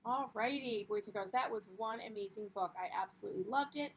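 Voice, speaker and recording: Woman, teacher, slightly high voice, upbeat, encouraging, faint background noise. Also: fairly quick, poor audio. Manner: upbeat, encouraging, frequent ums. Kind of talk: classroom read-aloud lesson.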